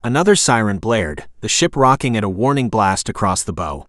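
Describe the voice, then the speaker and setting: A man reading a science-fiction story aloud as narrator, with a steady storytelling delivery. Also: lowish voice, moderate pace, few pauses, no room sound, clean studio sound. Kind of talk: scripted audiobook narration.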